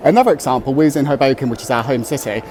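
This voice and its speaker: A man's voice: medium pitch, rapid-fire, slight background noise. A British man living abroad, telling stories about kids in a casual vlog to camera. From United Kingdom. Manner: animated storytelling with voiced quotes. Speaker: expat content creator.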